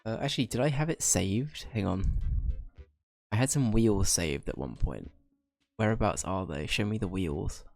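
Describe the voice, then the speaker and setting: Congested low-voiced man streaming. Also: expressive, normal speed, vocal fry, a little mellow, soft background music. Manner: chatty, rambling, addressing chat by name. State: congested, slightly ill. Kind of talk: casual stream chat.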